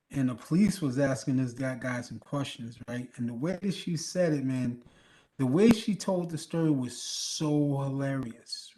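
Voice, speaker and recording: Joking, animated man hosting on a video call. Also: mid-range voice. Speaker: open mic host. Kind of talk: casual chat on a video call.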